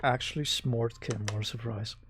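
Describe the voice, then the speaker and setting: A man's voice: mid-range voice, steady tone, moderate pace, loud music behind the voice. A man hosting a casual live stream chat with a guest, rambling and teasing with lots of filler words.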